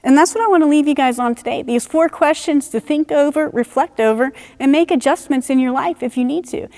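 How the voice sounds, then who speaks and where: A high-pitched woman delivers a sermon with earnest, chatty warmth, dropping in frequent asides as she explains scripture. Her voice carries a long reverb, as if she is speaking in a large hall. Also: fairly quick. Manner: conversational, earnest, many "you know"s. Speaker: preacher.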